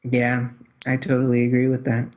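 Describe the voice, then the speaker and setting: A man hosting a book review podcast, chatting casually and joking, with relaxed restarts. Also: mid-range voice, normal speed. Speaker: podcast host.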